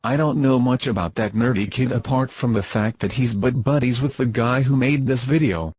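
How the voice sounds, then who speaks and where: A man's voice: mid-range voice, moderate pace, a little mellow, slightly rough, no echo. A man reading scornful, dismissive commentary in formal wording. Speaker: commentator being rebutted. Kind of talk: scripted insult commentary.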